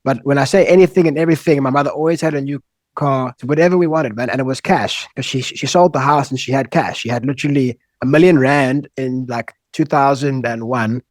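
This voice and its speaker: A South African man in his thirties, mid-pitched, talking in a casual, frank way sprinkled with "man" and "like". His voice sits close and dry on the mic. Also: fairly quick, darkish tone, no echo. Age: 30s. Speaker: guest, husband. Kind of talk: casual candid conversation.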